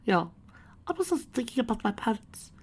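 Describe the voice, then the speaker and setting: A woman voicing a small, sad colt pony who speaks quietly and sorrowfully in a high, hushed voice. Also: sing-song, moderate pace.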